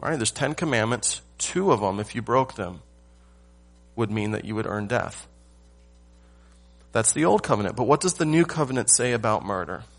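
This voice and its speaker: A male pastor delivers a morning sermon in a middle-pitched voice. He leans on key phrases, pauses for weight, and asks the congregation rhetorical questions. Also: lively intonation.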